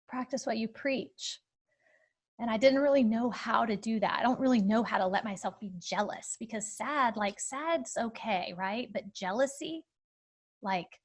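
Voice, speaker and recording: Speaking at a medium pitch, a woman in her thirties who hosts a podcast shares a personal story, exploring it openly with lots of fillers and false starts.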